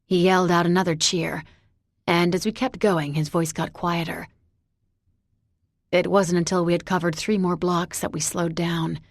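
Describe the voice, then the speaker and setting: A woman narrating a novel in the first person, measured and introspective. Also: fairly low pitch, flat delivery, no room sound, studio quality. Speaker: audiobook narrator.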